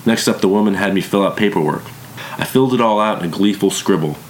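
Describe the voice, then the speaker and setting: A man narrating a first-person story in a calm, plain way. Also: lowish voice, quick pace, slight background noise.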